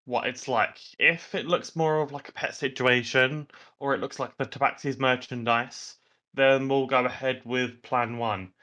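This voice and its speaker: A man playing a tabletop game, calmly laying out the group's plans step by step in casual talk. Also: mid-range voice, moderate pace. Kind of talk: casual planning talk over voice chat.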